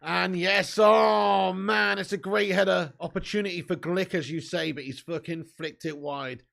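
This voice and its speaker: Guy doing a footy watch-along stream, high voice with gravelly fry, jokey and sweary, yells at big chances. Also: fairly even intonation, a little slow. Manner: banter-filled, swearing, jokey, bursts into shouts at chances. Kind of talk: live football watch-along commentary.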